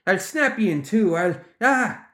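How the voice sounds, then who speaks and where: A narrator voicing a tough brawling man who shouts in pain and anger. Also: high voice, lively intonation, very slow, pitched above the performer's own voice, exaggerated voice. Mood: angry.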